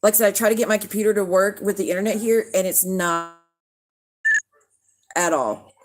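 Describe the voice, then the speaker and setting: A woman's voice: medium pitch, normal speed. A woman hosts a casual livestream. She rants in a heated way, swears often and calls out viewers by name. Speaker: livestream host.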